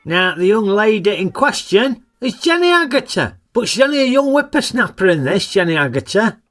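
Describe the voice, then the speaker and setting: A man's voice: high voice, big pitch swings, moderate pace, a bit bright, soft background music. A man narrating a comic film review in a cheeky, sarcastic, colloquial way.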